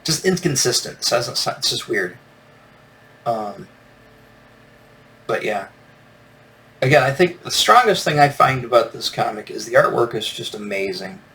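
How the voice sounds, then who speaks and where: A man's voice: mid-range voice, expressive, a little slow, pauses often, bright, forceful tone. A man hosting a solo comics review podcast, talking casually and rambling, with lots of fillers and restarts. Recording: distant from the mic with faint noise.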